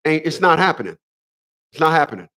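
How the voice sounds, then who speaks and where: A man's voice: a little high, big pitch swings, fast talker, pushed and bright. A man in his fifties hosting a casual livestream monologue, emphatic and preachy, often repeating his phrases. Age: 50s. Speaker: host.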